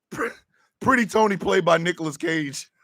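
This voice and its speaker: Lively gravelly man riffing on radio. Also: high-pitched, dry recording, studio quality. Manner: loud, laughing, slangy, shouting outbursts. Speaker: radio morning show host. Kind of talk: riffing comedic radio talk. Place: radio studio.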